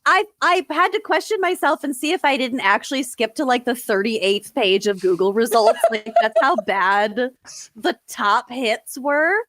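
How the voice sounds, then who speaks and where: A woman co-hosting a chatty podcast, her voice sitting a bit high. She reads out lines with a sarcastic, laughing edge. The sound is close and dry, with no room echo. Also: a little slow, fairly bright tone. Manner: sarcastic, laughing while reading out quotes. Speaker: podcast co-host. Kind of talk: casual chat.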